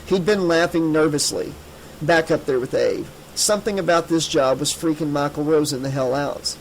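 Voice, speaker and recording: A man reading an audiobook in a measured, steady voice. His voice sits somewhat high for a man, with a faint room tone behind him. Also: a little hiss or hum, rough recording. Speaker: audiobook narrator. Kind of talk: scripted narration.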